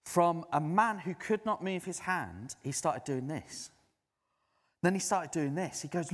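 A man's voice: a little high, animated, normal speed. A man preaching a sermon, telling a story and acting out others' words in a raised voice. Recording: long hall reverb.

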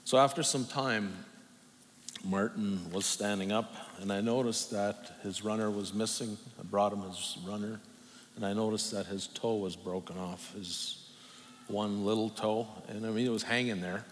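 A middle-aged man preaching a personal testimony, telling it in a halting, emotional way with long pauses. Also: lowish voice, fairly even intonation. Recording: long reverb from a hall, faint noise.

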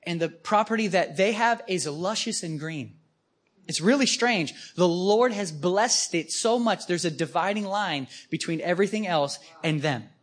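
A man preaching to a live audience, telling stories with animated emphasis. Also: sits high, normal speed. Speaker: guest preacher. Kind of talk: storytelling sermon.

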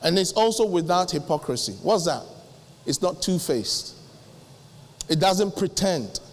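A middle-aged male pastor preaching, acting out little dialogues with sudden jumps in pitch. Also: expressive, unhurried. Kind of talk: sermon. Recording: long hall reverb.

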